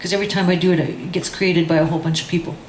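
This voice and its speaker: A woman poet speaks lightly and casually about her poem, her voice pitched a little low. She sits in a roomy, echoing seminar space with a faint hiss behind her. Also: fairly even intonation. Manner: rhythmic, chanting, slow and hushed in the poem. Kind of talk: leading a group chant, then casual talk. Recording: echoey room with faint noise.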